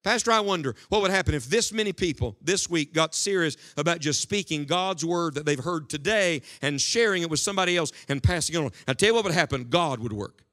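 A man preaching a sermon to a congregation, swinging between loud, forceful lines and hushed ones. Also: a little high, animated, a little fast, few pauses. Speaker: evangelist. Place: church hall before a congregation.

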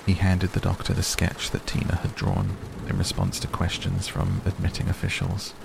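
A man with a very low, gravelly voice narrates an audiobook in a steady, even reading. There is clear noise in the recording. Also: normal speed. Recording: noisy recording.

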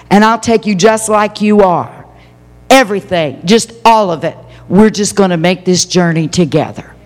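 An older woman pastor preaching a passionate sermon, stretching out key phrases for emphasis. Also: fairly high pitch. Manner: impassioned, drawn-out emphatic phrases. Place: church sanctuary. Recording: long hall reverb.

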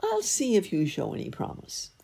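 A woman's voice: mid-range voice, wildly swooping pitch, gravelly, dark tone, slightly rough, voice pushed up, exaggerated voice. Rainbow Cat, a woman doing a cool crafty cat. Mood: calm, crafty. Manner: measured, impressive, slow. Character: calm clever male cat, playing wizard.

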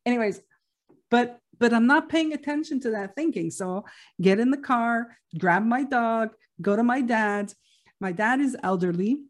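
A woman's voice: a little high, animated, moderate pace. A middle-aged woman telling a personal story in a casual, chatty way, laughing now and then between lots of fillers.

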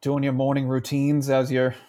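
A podcast co-host speaks into a handheld mic in a medium-pitched, monotone voice with a dark tone and moderate pace. The chat is casual, full of laughter, crude banter and free swearing.

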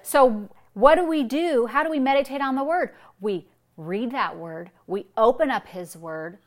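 A woman's voice: fairly high pitch, expressive, unhurried. A woman pastor giving a sermon, preaching emphatically with repetition and rhetorical questions.

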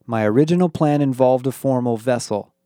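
A man's voice: mid-range voice, a little fast, warm tone, dry recording, clean studio sound, lightly acted. A man voicing a haughty, impatient male alien in an audiobook, sarcastic and superior. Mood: condescending. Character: arrogant condescending male alien.

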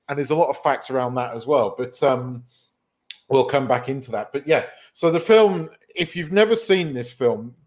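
Male podcast host, mid-pitched, chatty and meandering, swears casually. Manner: rambling, self-correcting, swears casually. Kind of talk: casual film chat.

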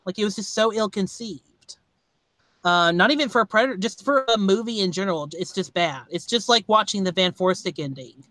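A man hosting a podcast, talking casually about a movie in a rambling, halting way with many restarts. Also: high voice, sharp tone, no room sound. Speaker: podcast host. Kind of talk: casual movie review chat.

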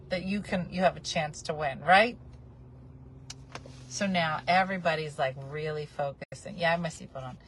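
A woman in her forties telling a casual, animated story from a moving car, often acting out the people she quotes. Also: low voice. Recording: car road noise behind.

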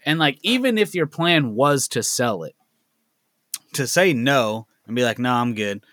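A male co-host talks haltingly in a casual podcast chat, restarting his thoughts and swearing along the way. His voice sits at a middle pitch. The recording is dry and close. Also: very animated, a bit bright, no room sound. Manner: halting, profane, frequent backchannels.

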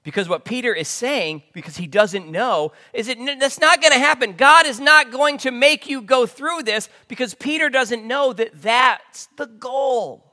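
A man's voice: very high-pitched, normal speed, hardly any pauses, bright, forceful tone. A man preaching a conversational sermon, often restarting his sentences. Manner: conversational, with frequent restarts and fillers. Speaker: pastor.

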